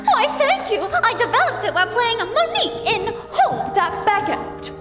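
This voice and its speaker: A young woman playing a glamorous showgirl bride in a theatrical, drawn-out style, recorded in an auditorium. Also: very high-pitched, sing-song. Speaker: student actress. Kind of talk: stage musical performance. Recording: echoey auditorium with music.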